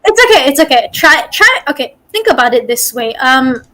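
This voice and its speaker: A woman's voice: high voice, very animated, moderate pace, bright, forceful tone, poor audio. A woman game master teaching a casual online voice acting workshop, chatty and full of fillers and restarts over a call mic.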